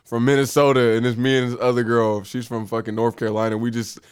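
A young man trades stories on a podcast in a loose, slangy way, often laughing as he talks. His voice sits at an ordinary middle pitch. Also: little pitch movement, quick pace, smooth. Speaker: podcast co-host. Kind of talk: casual chat.

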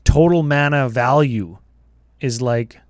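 A man's voice: medium pitch, a little mellow, dry recording, clean studio sound. A man co-hosting a podcast, reviewing game cards in casual, joking chat. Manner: joking, quick asides. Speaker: podcast co-host.

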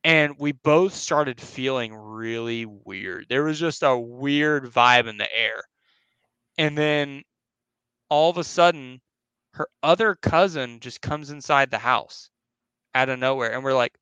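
A young podcast host with a medium-pitched voice, smooth yet pushed and bright, speaks at a measured pace. He casually tells a spooky personal story, rambling in slang, cursing and acting out other people's lines. The recording is muffled with no room sound.

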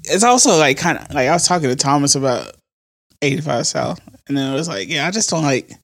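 A man's voice: a little high, sing-song, fast, a bit bright, dry recording, clean studio sound. Wry, blunt man co-hosting a podcast. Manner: wry, blunt quips and frequent laughter. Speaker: podcast co-host. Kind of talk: casual podcast chat.

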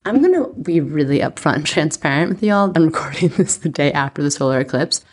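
A woman's voice: low-pitched, very animated, brisk, breathy edge. A woman hosting a casual solo podcast as an astrologer, candid and chatty with lots of fillers, teary and close to crying, recording at home.

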